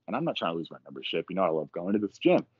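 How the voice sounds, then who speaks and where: Profane, animated man telling a story. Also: low-pitched, racing, husky, dry recording, lo-fi sound. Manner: profane, animated retelling with acted quotes. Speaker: podcast guest. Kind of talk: casual storytelling.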